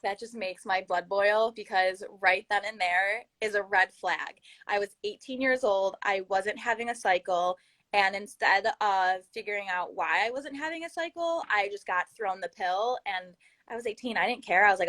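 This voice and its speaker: Bright-voiced woman telling her story. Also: mid-range voice, moderate pace, low-quality recording. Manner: earnest, animated storytelling with acted-out quotes. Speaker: guest. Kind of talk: candid personal story in a podcast interview.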